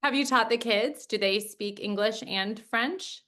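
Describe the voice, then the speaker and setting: A woman's voice: on the high side, unhurried, sharp tone. A woman hosting a casual interview, asking questions and encouraging her guest. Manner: encouraging, laughs along. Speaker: podcast host.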